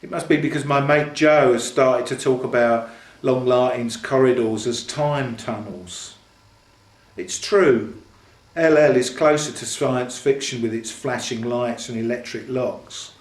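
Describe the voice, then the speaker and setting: A man's voice: medium pitch, a little slow. A man in his sixties from London reading from his own memoir in a dry, understated way. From London, England. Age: 60s. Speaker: author. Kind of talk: book reading. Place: reading event, indoors. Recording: echoey room.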